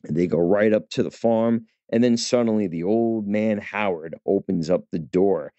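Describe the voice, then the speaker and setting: This film reviewer speaks at normal speed in a warm voice on the low side, addressing viewers directly in a loose, chatty way with many fillers and restarts. The recording is lo-fi, dull and dry, lacking any room sound.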